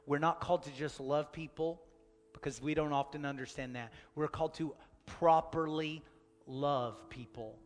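A man's voice: on the high side, steady tone, normal speed, soft background music. Impassioned male preacher in a reverberant hall. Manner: storytelling, swings from loud urgency to soft near-whisper. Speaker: pastor. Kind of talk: sermon.

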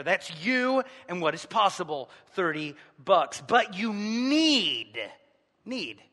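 Male pastor, sermon, high voice, joking and conversational, loud-to-quiet swings, long church reverb. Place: church sanctuary.

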